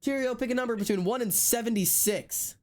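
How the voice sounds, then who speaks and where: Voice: mid-range voice, brisk, a little mellow. A streamer chatting casually on a live stream, reading a long list aloud, often laughing and swearing.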